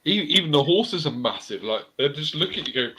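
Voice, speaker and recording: A man's voice: fairly high pitch, expressive, fairly quick, bright, forceful tone, slight background noise, rough recording. A man telling rowdy anecdotes in a casual chat, swearing freely.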